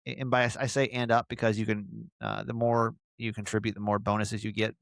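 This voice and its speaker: A man hosting a casual podcast, his voice carrying a gravelly, fry-tinged texture. He rambles in a loose, self-mocking way, full of fillers and restarts. The sound is dry and close, with no room echo. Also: on the low side, animated, brisk. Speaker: podcast host.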